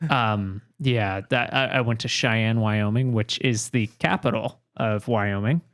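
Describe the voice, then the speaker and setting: A man's voice: fairly low pitch, slow, fairly bright tone. A young adult man co-hosting a podcast in casual chat, rambling and hesitant, full of fillers and restarts. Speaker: podcast co-host.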